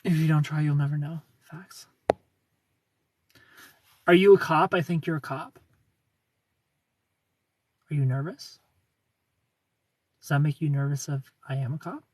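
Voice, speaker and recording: Speaking a little slowly with frequent pauses, this man has a slightly high, steady, darkish voice, captured from a distance. He's British but using a put-on American accent to host a livestream, chatting casually, reading viewers' comments aloud, and laughing often.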